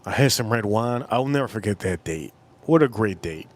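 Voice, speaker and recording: A man's voice: lowish voice, expressive, moderate pace. A man hosting a livestream, telling a rambling story in a casual way, often repeating phrases and swearing in passing. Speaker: livestream host.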